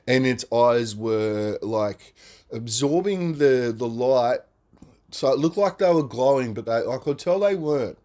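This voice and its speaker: A man on a podcast, telling a story in a casual, animated way, swearing freely and tagging lines with "man" and "right?". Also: mid-range voice, unhurried.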